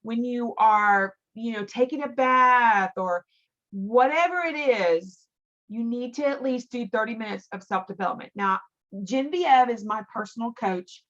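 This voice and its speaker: A woman's voice: on the high side, unhurried, fairly bright tone, lo-fi sound. A middle-aged woman leading a team training call, talking in a chatty, emphatic way that often repeats words for stress. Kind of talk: motivational training talk.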